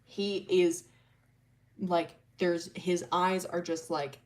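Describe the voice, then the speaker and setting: A woman's voice: on the low side, little pitch movement, slow pace. A young woman streamer casually retelling a story, rambling, swearing and full of fillers.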